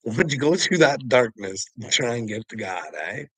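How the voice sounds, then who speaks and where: Taunting a viewer head-on, a livestream host swears, preaches, mocks him, and laughs often, tossing out "bud" and "brother." He speaks at a moderate pace in an expressive, medium-pitched voice. The recording has no room sound but is rough.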